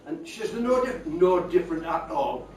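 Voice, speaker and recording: A man's voice: fairly high pitch, big pitch swings, normal speed. An older man from England, singing old music hall songs and rattling through a comic story in dialect. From North East England. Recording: echoey room from far off.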